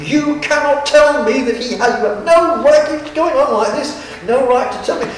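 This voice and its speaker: A man preacher voicing an indignant young woman heckling a street preacher, with shrill, outraged protests. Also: normal speed, a little hiss or hum. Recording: very echoey hall, from far off.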